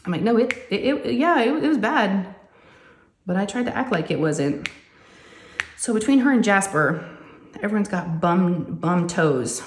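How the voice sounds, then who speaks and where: A woman, chatting casually and telling animated family stories while she crafts at home. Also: mid-range voice, measured pace, pauses often, roomy sound, slight background noise. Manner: chatty, animated, says "y'all" often. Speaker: crafting vlogger and mother.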